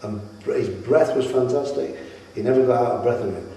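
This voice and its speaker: A middle-aged man spins animated stories, restarting his sentences often. His voice sits mellow and dark. The echoey room and distant mic give it a long, roomy tail. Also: mid-range voice, brisk. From Britain. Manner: rambling, animated, with many restarts. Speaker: retired wrestler interviewee. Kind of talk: anecdotal interview storytelling. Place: at his home.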